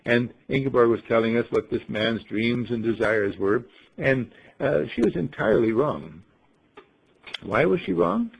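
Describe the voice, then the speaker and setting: A man's voice: medium pitch, expressive, measured pace, creaky, husky. A man giving a storytelling talk, who asks rhetorical questions and playfully acts out the scenes he describes. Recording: dull lo-fi recording.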